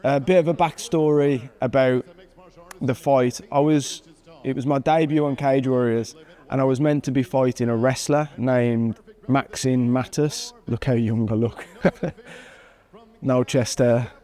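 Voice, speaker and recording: A man in his thirties talks over fight footage in a relaxed, casual way. His voice sits at a middling pitch with a warm, mellow tone. He chuckles at himself often and breaks into excited bursts at the big moments. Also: unhurried. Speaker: MMA fighter and channel host.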